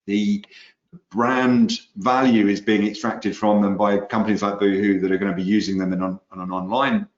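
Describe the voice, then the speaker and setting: Brief: British male co-host, low and measured, roomy and muffled recording. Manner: measured, explanatory. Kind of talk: explaining news items. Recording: echoey dull room sound.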